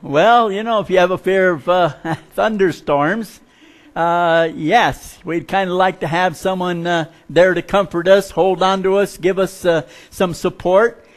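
A man preaching a sermon, telling folksy stories with humor and dropping to a hushed voice for suspenseful parts. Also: high voice, fairly even intonation, a little slow.

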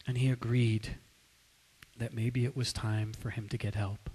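A male preacher telling a story in a sermon, dramatic, swinging between loud and hushed. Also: mid-range voice, little pitch movement, measured pace, husky. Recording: long hall reverb.

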